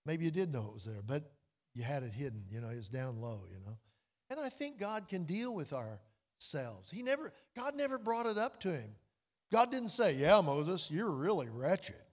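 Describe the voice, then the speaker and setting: A pastor preaches a sermon in a church hall, his slightly high voice swinging widely in pitch and carrying a long reverb. His delivery is folksy and story-driven, sinking into quiet, drawn-out emphasis on key lines.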